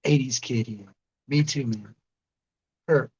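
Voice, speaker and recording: A man's voice: mid-range voice, slow pace, a little mellow, husky, dull audio. A man in his late thirties hosting a livestream, rambling casually and answering chatters by name. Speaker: livestream host reading chat.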